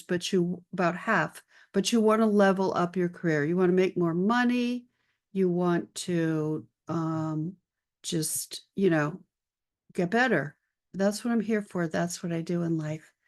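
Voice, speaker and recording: A woman's voice: on the low side, measured pace. A woman hosting a live video-call session as an art career mentor, chatting upbeat with viewers and greeting them by name. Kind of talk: live-stream chat with viewers.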